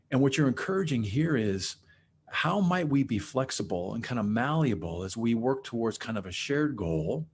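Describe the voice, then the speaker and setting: A man's voice: lowish voice, a little mellow, a little hiss or hum. A man hosting a behavioral health podcast, thinking aloud in a reflective, conversational way with frequent "kind of" and "you know". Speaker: podcast host, psychologist. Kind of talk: conversational interview.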